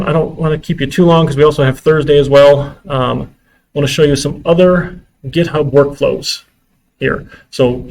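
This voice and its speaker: A man's voice: on the high side, gravelly, a little mellow, rough recording. A man giving a casual classroom lecture as a university instructor, chatty, with exasperated asides and frequent fillers.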